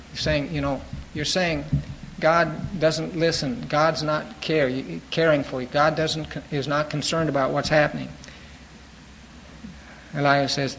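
Gravelly-voiced man teaching scripture. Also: fairly high pitch, unhurried, fairly bright tone, a little hiss or hum, rough recording. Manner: reads scripture aloud then explains it plainly, with restarts. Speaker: Bible teacher. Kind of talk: verse-by-verse Bible teaching.

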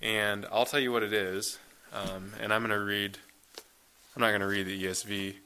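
A young man giving a sermon as a pastor, in a relaxed conversational way with many fillers. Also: fairly low pitch, normal speed, clear, resonant tone. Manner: casual conversational preaching with fillers.

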